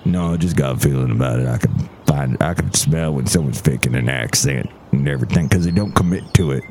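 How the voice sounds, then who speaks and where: A man voicing a grumpy, suspicious fiddle player, gruff and dismissive. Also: rumbling low, brisk, a little mellow, slight background noise, voice pushed down.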